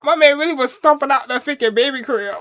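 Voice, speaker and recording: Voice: high-pitched, brisk, a bit bright. A show reviewer casually retelling a scene in slangy talk, laughing often and acting out quotes.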